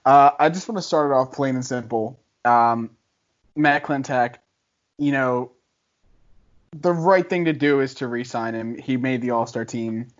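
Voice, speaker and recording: A man arguing a contrarian take on a casual podcast, chatty and quick to laugh. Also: medium pitch, dull audio. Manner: chatty, laughs often, argumentative. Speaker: podcast guest debater.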